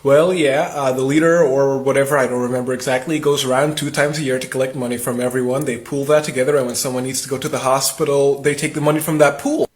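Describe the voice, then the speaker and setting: A man from Europe telling a travel anecdote in a relaxed, conversational way. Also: mid-range voice, fast, few pauses. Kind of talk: casual anecdote to camera.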